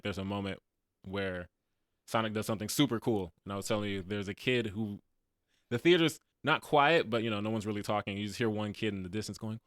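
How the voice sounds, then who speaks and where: A man's voice: lowish voice, fairly bright tone, smooth, dry recording, studio quality. A man in his late twenties co-hosting a movie review podcast, chatting casually and animatedly, laughing often and acting out quotes. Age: late 20s. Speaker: podcast co-host. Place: podcast studio.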